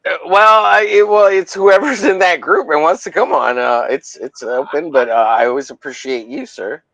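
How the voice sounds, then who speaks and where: Man, stream host, casual, rambling, joking, fairly high voice, gravelly. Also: normal speed, a bit bright, no room sound, poor audio. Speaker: livestream host, comic artist. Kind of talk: casual livestream chat.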